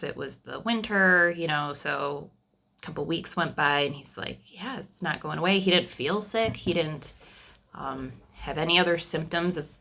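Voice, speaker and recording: Young woman vlogger, low and crisp, candid and chatty, storytelling to camera. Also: bright, forceful tone. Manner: chatty and candid, with frequent fillers and restarts. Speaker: vlogger telling her family's story.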